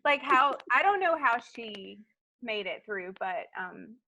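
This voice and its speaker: A woman's voice: a little high, sing-song, slow pace, bright, forceful tone, no echo, poor audio. A woman in her thirties, a guest in a casual interview, telling stories in a chatty way with lots of fillers. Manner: chatty storyteller, many fillers, acts out quotes. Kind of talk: casual chat.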